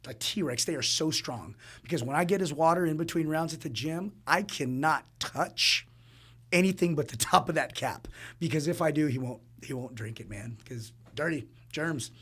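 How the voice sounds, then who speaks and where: Coach guy on a podcast, chatty, laughs a lot, gets lively telling stories. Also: fairly high pitch, breathy edge. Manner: animated storyteller, laughs often, quick asides. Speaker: fight coach, guest. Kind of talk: casual interview chat.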